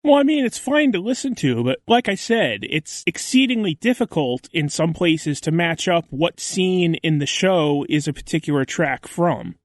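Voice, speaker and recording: A man's voice: on the high side, expressive, normal speed, few pauses, no room sound. A man co-hosting a podcast in casual chat, enthusiastic and talkative. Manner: enthusiastic, chatty. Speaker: podcast co-host.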